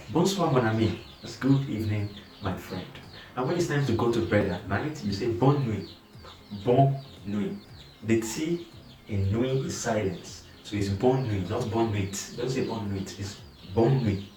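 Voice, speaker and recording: A man teaching a beginner language lesson, speaking slowly and patiently and repeating each word so learners can practice along. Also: lowish voice, a little mellow, roomy sound, recorded from a distance. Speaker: French teacher.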